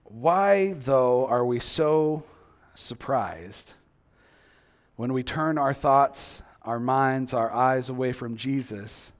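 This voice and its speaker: A man's voice: mid-range voice, slow pace. A male preacher giving a sermon, acting out quoted reactions and asking the listeners many questions.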